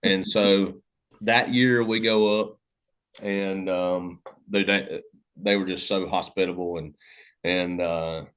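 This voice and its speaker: Low-voiced Southern podcaster, rambling. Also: male voice, steady tone, slow, a bit bright, clear, resonant tone. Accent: Southern American. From Southern United States. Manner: rambling, many fillers and restarts. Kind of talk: casual storytelling conversation.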